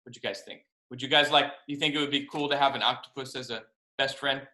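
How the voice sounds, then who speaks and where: A man, a children's author, reading his picture book aloud to first graders over a video call, expressive and asking them questions. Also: mid-range voice, fast talker. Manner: animated, expressive, asks kids questions. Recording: roomy video call audio.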